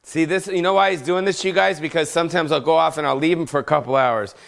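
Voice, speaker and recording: A man's voice: fairly high pitch, fast, gravelly, a bit bright. A man hosting his own podcast, rambling profanely and jokingly in an unplanned rant at home. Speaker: comedian podcast host. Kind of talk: casual unscripted rant.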